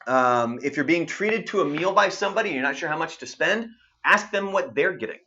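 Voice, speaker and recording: Speaking briskly in a fairly high voice, a thirty-something radio show host chats through a story for his program's online segment. The audio has its highs cut off. He's animated and casual, swears a lot and performs quotes.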